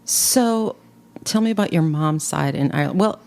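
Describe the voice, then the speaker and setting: Animated, chatty woman podcast host. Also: low voice, normal speed, creaky. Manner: chatty, reactive, sarcastic asides. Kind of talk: casual interview chat.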